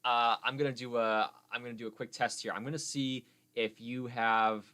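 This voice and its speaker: A man's voice: mid-range voice, fairly even intonation, normal speed, sharp tone, clear, resonant tone. A young man hosting a casual nerd chat podcast, teasing his co-host and steering the topics.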